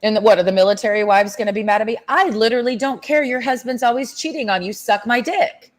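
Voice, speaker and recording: A woman's voice: fairly high pitch, quick pace. A young woman ranting casually to camera, telling a story in a blunt, sassy and profane way. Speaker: vlogger. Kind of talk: casual rant.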